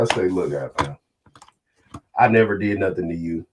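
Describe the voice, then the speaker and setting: A man's voice: sits low, normal speed, a little hiss or hum. A man ranting on a podcast, angry and preachy, cursing freely as he makes his case. He sits a little back from the microphone, so his voice sounds slightly distant. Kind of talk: heated casual podcast talk.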